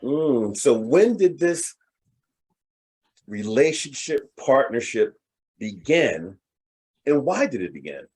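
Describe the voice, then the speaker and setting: A man hosting an interview, asking questions in a halting way and often repeating his phrases. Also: mid-range voice, big pitch swings, darkish tone. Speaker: host. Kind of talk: interview chat.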